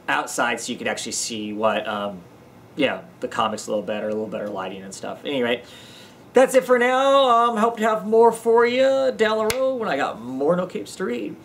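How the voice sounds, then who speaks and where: A man's voice: mid-range voice, animated, a little fast, fairly bright tone, a little hiss or hum. A tired man giving a casual, rambling comic book review from his home basement, with many ums and restarts. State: tired, yawning.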